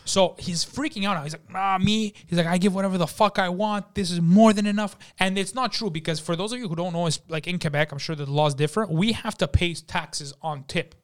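A man telling a story in casual chat in a podcast studio, animated and profane, acting out the people in it. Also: high voice, fairly quick, hardly any pauses. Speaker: podcast guest.

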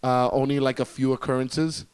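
A man talking loosely on a podcast, piling up fillers and restarts as he gushes. His voice sits at an ordinary middle pitch. He sounds eager and unpolished. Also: flat delivery, moderate pace, clear, resonant tone. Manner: enthusiastic, rambling, lots of fillers. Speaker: guest reviewer. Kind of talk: casual podcast chat.

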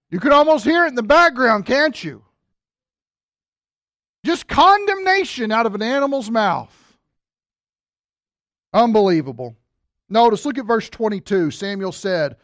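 A Bible teacher in a chatty, humorous teaching style who keeps turning to the listeners with asides. The voice sits at a middle pitch, and the recording is dry and close with no room sound. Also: very animated, moderate pace, long pauses, a bit bright, no echo. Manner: joking asides, addresses listeners directly.

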